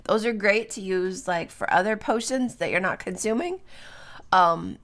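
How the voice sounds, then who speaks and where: This middle-aged podcaster records alone at home in the early morning, chatting loosely about herbs with plenty of fillers and small tag questions. She has a medium-pitched voice with vocal fry.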